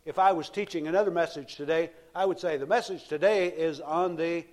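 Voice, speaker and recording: Guy preaching a sermon, kinda high voice, tells it like a story, keeps repeating words. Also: brisk, a little mellow.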